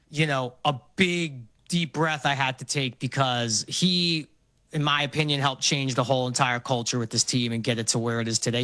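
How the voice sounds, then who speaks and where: A middle-aged man from Brooklyn, telling animated stories as a guest in a casual interview. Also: medium pitch, no room sound. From Brooklyn, New York. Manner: animated storytelling, quick laughs.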